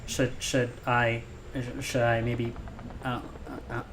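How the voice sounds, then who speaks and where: A man commentating a live game stream, playful and excitable, chatting to his viewers. His voice sits at a middle pitch. Faint noise hums behind him. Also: slow pace.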